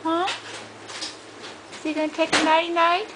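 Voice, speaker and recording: A woman's voice: very high-pitched, level tone, normal speed, heavy background noise. A woman talking to a toddler at home in sing-song, coaxing baby talk, repeating simple phrases. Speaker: parent playing with a toddler.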